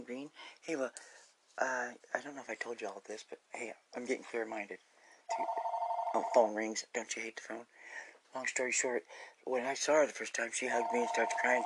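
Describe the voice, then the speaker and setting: A man talking straight to his viewers in a scattered, jumpy ramble that starts and restarts. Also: medium pitch. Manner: scattered, jumpy, restarts often, folksy "y'all". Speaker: vlogger. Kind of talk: rambling casual monologue to viewers.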